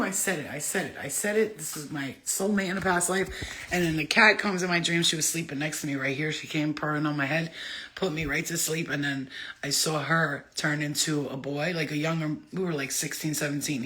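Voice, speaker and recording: A woman chatting casually into her phone camera for a vlog, excitable and rambling, swearing freely as she goes. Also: low-pitched. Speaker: vlogger.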